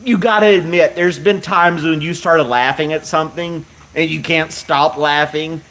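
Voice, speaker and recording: A man's voice: on the high side, fairly even intonation, moderate pace, a bit bright, a little hiss or hum. A man hosting a livestream, chatting casually and reading viewer comments while laughing hard and often. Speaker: livestream host.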